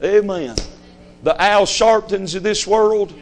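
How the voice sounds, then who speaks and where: A man's voice: sits high, takes it slowly. A man preaching a fiery sermon, emphatic and repetitive, hammering his points home. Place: church sanctuary.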